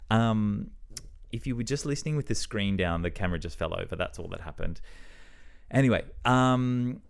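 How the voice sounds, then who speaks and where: A man's voice: on the low side, animated, moderate pace, creaky. A young man talks to the camera in a loose, reflective way. He rambles, breaks off and restarts his sentences, and fills the gaps with ums. His tone is self-deprecating throughout. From Australia. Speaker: vlogger. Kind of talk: casual reflective monologue.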